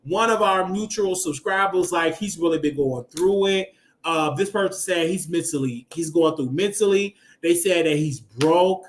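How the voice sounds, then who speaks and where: A man in his thirties hosting a casual commentary show, talking emotionally and bursting into loud exclamations. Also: a little high, moderate pace. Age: 30s. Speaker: show host.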